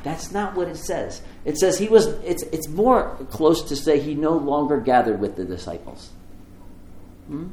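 A man's voice: on the high side, measured pace. Guy preaching a sermon, acts out the dialogue, echoey church with a little hum behind. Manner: animated storytelling, acts out dialogue. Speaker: pastor.

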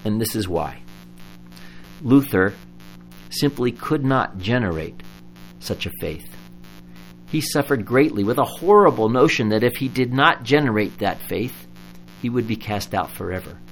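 A man's voice: mid-range voice, unhurried, pauses often, slight background noise, rough recording. Earnest male Lutheran pastor preaching. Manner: earnest storytelling, lively when recounting a story. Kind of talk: sermon.

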